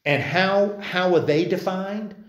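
A man's voice: sits high, slow, fairly bright tone, echoey room. A man leading a church Bible study, talking casually and quizzing the group, with frequent restarts. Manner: conversational, many restarts, asks the group questions. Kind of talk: informal Bible study class. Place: church meeting room.

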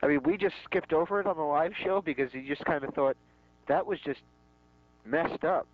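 A man's voice: a little high, moderate pace. A man co-hosting a podcast in casual chat, blunt and teasing. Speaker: podcast co-host. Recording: dull lo-fi sound.

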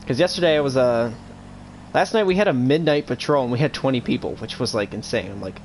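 A man's voice: medium pitch, sing-song, a little fast, a little hiss or hum. Casual rambling young man streaming. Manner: rambling, casual, swears freely. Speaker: streamer playing a police officer. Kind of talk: casual live-stream chat during police role-play.

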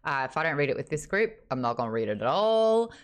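A woman's voice: low voice, very animated, fast. A woman hosting a live book club stream, chatting casually, teasing and laughing often. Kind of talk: casual chat.

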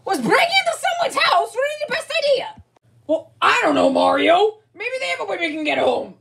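A woman doing excitable, jokey comedic voice acting for a toy video. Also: very high voice, fairly quick, gravelly. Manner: excitable, jokey, yelps a lot. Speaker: toy video creator voicing characters.

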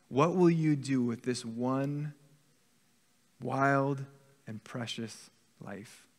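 A man's voice: mid-range voice, takes it slowly. A man in his forties preaching a sermon to a church congregation in a conversational way, often checking in with "okay?". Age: 40s. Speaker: pastor. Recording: church hall with long reverb.

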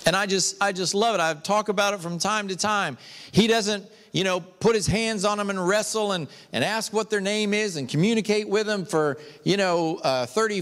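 A man's voice: high-pitched, a bit bright, long reverb tail. A man preaching an emphatic sermon as a pastor, speaking in a church sanctuary.

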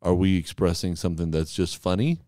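A man's voice: sits low, brisk, warm tone, no echo, studio quality. A man co-hosting a church podcast, easygoing and asking questions in casual chat. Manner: easygoing, asks questions, laughs readily. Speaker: podcast co-host.

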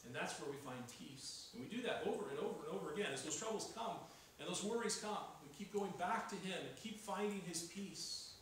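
A man's voice: high-pitched, lively intonation, brisk, a bit bright, distant mic, slight background noise. Earnest male pastor in an echoey hall. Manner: earnest, rising to urgent emphasis. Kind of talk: sermon. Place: church sanctuary.

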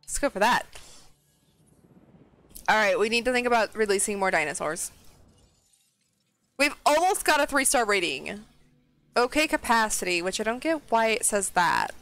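A woman streamer with a medium-pitched voice gives casual commentary on her game at a moderate pace, pausing often. She talks to herself and frequently breaks into excited squeals and exclamations.

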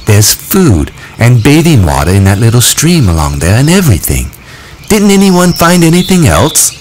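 A bold boy eager to hunt speaks with blunt confidence, voiced by a man reading aloud. The voice is only a touch raised and moves lively through its phrases. Faint birdsong and crickets run beneath. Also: medium pitch, normal speed, slight background noise, pitched above the performer's own voice. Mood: assertive.

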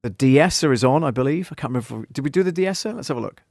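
A man talks through a casual live-stream tutorial in a chatty, self-deprecating way, often turning to the listener. His voice sits in a middle pitch. It is recorded close on a studio microphone with a dry, dead sound. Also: lively intonation, racing, gravelly, a little mellow, no echo. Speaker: audio producer demonstrating mixer settings. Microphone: studio microphone through a mixer.

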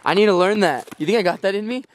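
A man's voice: sits high, fast. A man vlogging casually, upbeat and laughing often. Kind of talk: casual vlog narration. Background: loud background music.

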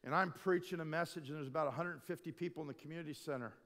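A middle-aged man preaches to a conference crowd, telling stories with big swings between hushed and loud. His voice sits a little high for a man. A long reverb from the big hall trails each phrase. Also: rapid-fire. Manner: animated storytelling, swinging from quiet to loud. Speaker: lead pastor. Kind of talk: sermon.

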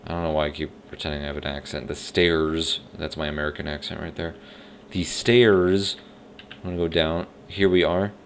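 A man's voice: extremely low pitch, flat delivery, fast, slight background noise. A man giving casual gameplay commentary, rambling and unsure of himself as he thinks aloud. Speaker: let's play host. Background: faint game music.

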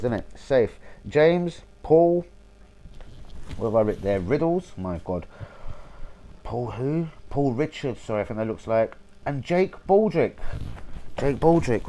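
A young man, hosting a football channel, reading out viewer shout-outs in a chatty, sweary way and stumbling over names. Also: medium pitch, slight background noise.

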